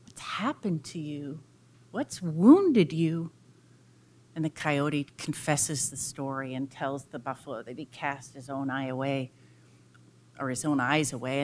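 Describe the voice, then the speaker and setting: A woman giving a public lecture who tells a folk tale in an expressive, dramatic way. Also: deep voice, slight background noise.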